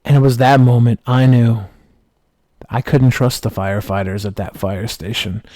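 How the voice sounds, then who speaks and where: A man streaming who tells a comic story with mock-dramatic, slow deadpan delivery. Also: medium pitch, no room sound.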